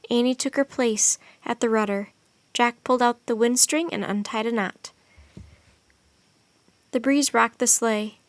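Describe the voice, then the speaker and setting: A woman narrating a children's chapter book aloud, reading in an expressive, steady way. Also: on the high side, no room sound. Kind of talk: audiobook narration.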